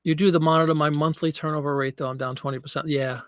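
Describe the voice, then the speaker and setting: A man's voice: fairly high pitch, little pitch movement, fast, no room sound, studio quality. A man hosting a casual live stream, chatting with viewers and a bit out of breath. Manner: chatty, reads viewer comments. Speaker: livestream host.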